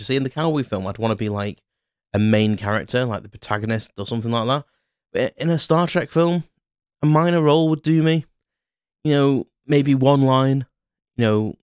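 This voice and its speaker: A man's voice: on the low side, no room sound. Guy rambling on his own podcast, self-mocking, lots of ums, dry sound. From Ireland. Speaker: podcast host. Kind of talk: casual solo monologue.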